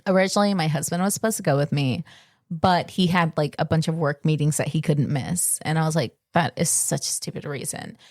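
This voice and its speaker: A woman's voice: sits low, fairly quick, darkish tone, no room sound, clean studio sound. A woman co-hosting a podcast, telling a story in casual chat, with many fillers and acted-out quotes. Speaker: podcast co-host.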